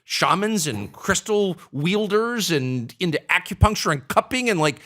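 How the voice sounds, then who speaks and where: A man's voice: sits high, expressive, measured pace, pushed and bright. A man who is a political commentator, speaking as an interview guest with emphatic, indignant rhetorical questions. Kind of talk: candid conversational interview.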